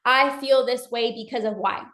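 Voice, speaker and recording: High-voiced woman coaching, echoey room. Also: moderate pace, bright, forceful tone. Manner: emphatic, acts out little dialogues in her own voice. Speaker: life coach. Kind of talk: motivational talk on communication.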